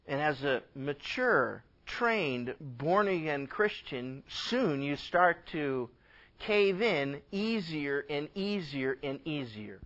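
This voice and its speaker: A man, a pastor, teaching a Bible passage in an impassioned sermon, swinging from loud emphatic lines to quiet asides and acting out bits of dialogue. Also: on the high side, dull audio. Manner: acts out dialogue with God and others in quick conversational voices.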